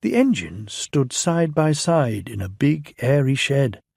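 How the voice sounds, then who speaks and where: A man with a British accent reading a children's storybook aloud in a gentle, measured way. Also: medium pitch, sing-song, vocal fry, slightly rough, no room sound, studio quality.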